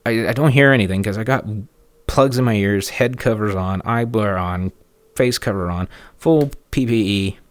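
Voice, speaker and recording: A man's voice: on the low side, normal speed, clean tone, dry recording. A man casually telling a story in a rambling, snarky way, with chuckling asides.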